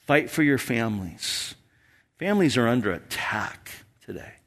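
A man's voice: medium pitch, very animated, normal speed. Earnest male pastor preaching a sermon. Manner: earnest, swings between loud emphasis and near-whispers.

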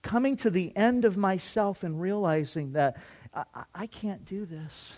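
A middle-aged man preaching a sermon, telling a personal story in an animated way and acting out his own past thoughts with self-mocking humor. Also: high-pitched, unhurried. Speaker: pastor.

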